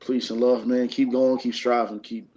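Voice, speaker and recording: A man hosting a casual show, who laughs often and talks in a lively way. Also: medium pitch, normal speed, highs cut off. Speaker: host. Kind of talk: casual podcast talk.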